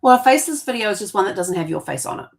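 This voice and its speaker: A woman's voice: medium pitch, big pitch swings, racing, creaky. A woman co-hosting a casual talk show, explaining at length with plenty of fillers and restarts. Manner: rambling, with many fillers and restarts. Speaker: co-host.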